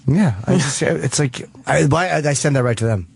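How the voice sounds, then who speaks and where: A man's voice: on the high side, moderate pace, vocal fry, husky. A man co-hosting a radio talk show in a studio, making crude, profane jokes in casual banter.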